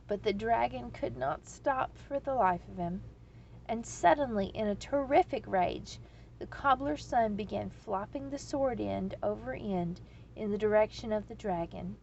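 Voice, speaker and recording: A woman reading a storybook aloud in a slow, measured way. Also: mid-range voice, vocal fry, darkish tone, muffled recording, slight background noise.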